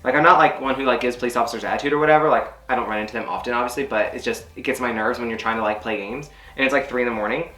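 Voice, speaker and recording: A man at a middle pitch tells a story while going through his skincare routine. His talk rambles and is loaded with fillers. The room around him has a noticeable echo. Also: racing, hardly any pauses, sharp tone, faint music behind. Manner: rambling, filler-heavy chat. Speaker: beauty vlogger. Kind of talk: casual storytime.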